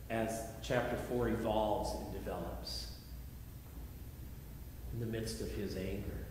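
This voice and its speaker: A man pastor preaching a sermon in an earnest way, repeating phrases and shifting between loud appeals and quiet reflection, in a large church sanctuary. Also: lowish voice. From United States. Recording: echoey hall, faint background noise.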